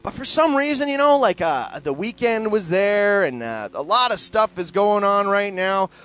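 A man's voice: sits high, big pitch swings, moderate pace, a bit bright, clean tone. A man hosting a podcast, ranting in a profane, opinionated solo monologue while getting over a cold. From Canada. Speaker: podcast host.

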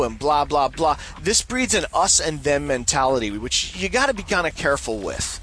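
A male host talks casually through listener questions in a bright, slightly high voice. He rambles and stumbles over repeated words, and his tone turns sarcastic and animated. He swears freely along the way. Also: brisk, few pauses, slight background noise. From Canada. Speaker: show host. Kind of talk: casual solo commentary, reading listener mail.

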